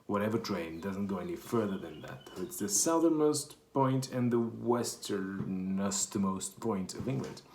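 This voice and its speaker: A man's voice: lowish voice, animated, measured pace, few pauses, a little mellow, slight background noise. A man from Portugal with a Portuguese accent, telling a rambling, self-correcting story in casual chat. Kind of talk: casual anecdote. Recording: echoey room.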